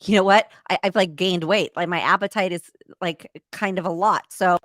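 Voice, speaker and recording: A woman's voice: lowish voice, fairly even intonation, moderate pace, fairly bright tone, no room sound, studio quality. A woman talking openly and matter-of-factly in casual chat, easygoing in tone. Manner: open, matter-of-fact, easygoing. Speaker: podcast host.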